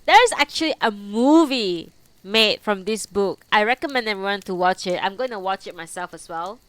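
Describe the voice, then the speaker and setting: A woman's voice: medium pitch, lively intonation, moderate pace, a bit bright, dry recording. A young woman streaming live, chatting and giggling with her viewers between book readings, still teary after crying. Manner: giggly, chatty, talks back to chat. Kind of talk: casual chat between readings.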